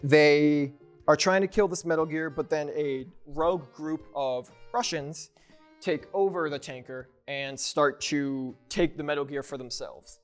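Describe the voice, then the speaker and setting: Rambling, higher-voiced man recapping game lore. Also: fairly even intonation, a little slow, soft background music. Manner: rambling, self-correcting, loose and joking. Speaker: YouTuber.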